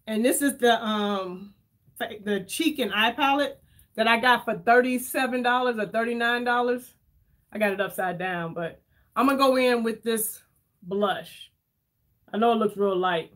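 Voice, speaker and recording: A woman chatting casually with her viewers while doing her makeup, telling stories in an animated way and reading their comments aloud. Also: on the high side, moderate pace. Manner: chatty, animated storyteller, addresses viewers as y'all. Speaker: beauty vlogger reading live chat.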